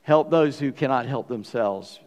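A man's voice: mid-range voice, unhurried, a little mellow, long reverb tail. A man preaching a sermon in a church, asking rhetorical questions and acting out little stories. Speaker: pastor. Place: church sanctuary.

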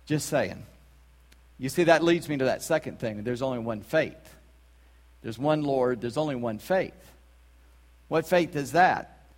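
A man from South Carolina, preaching a sermon in a church, talking conversationally with emphatic rhetorical questions. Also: mid-range voice. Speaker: pastor. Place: church sanctuary. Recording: long church reverb.

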